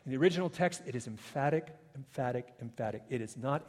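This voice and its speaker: A man preaching a sermon as a pastor, swinging between loud emphatic peaks and hushed, quiet passages. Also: mid-range voice, fast talker, hardly any pauses, in a large hall. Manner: dynamic preaching, swelling loud then dropping soft.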